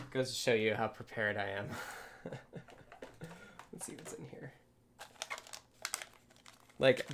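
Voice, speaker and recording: A man's voice: medium pitch, creaky, background noise. A man hosting a casual live stream from his home workspace, thinking aloud and explaining things step by step. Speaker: livestream host.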